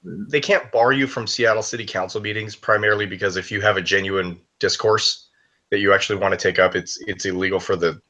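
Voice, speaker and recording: A man's voice: lowish voice, fairly even intonation, fairly quick, pushed and bright. A young man chatting casually, blunt and profane, rambling with lots of "like" fillers. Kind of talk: casual chat.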